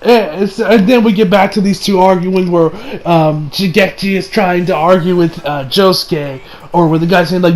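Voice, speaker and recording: A male anime reviewer talking through an episode in a loose, rambling way, laughing often and swearing freely. His voice sits fairly high for a man, and he piles on fillers and restarts. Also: normal speed. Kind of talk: casual episode recap.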